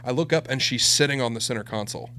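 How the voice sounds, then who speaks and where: A man with an average-pitched voice co-hosts a relaxed podcast. He tells little stories and drops quick quips. A faint hum sits under his voice. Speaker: podcast co-host. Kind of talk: casual chat.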